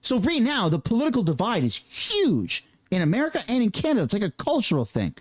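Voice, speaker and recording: A man hosting a casual political commentary rant, swearing and mocking other people with quick impressions. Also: high voice, wildly swooping pitch, dry recording.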